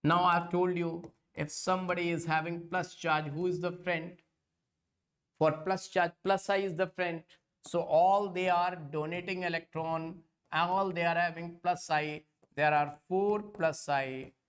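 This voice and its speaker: A man's voice: on the high side, fairly even intonation, unhurried, fairly bright tone. A man teaching an online exam-prep lecture. He repeats points again and again and keeps calling his students kids.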